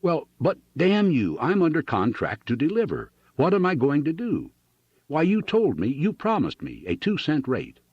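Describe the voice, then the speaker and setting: A desperate, ruined farmer shouts and pleads in a strained, raised voice, as a male reader puts him on. His pitch leaps about as he protests, with a rough, husky edge. The recording is dull and dry. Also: sing-song, a little slow, no echo, heavily acted.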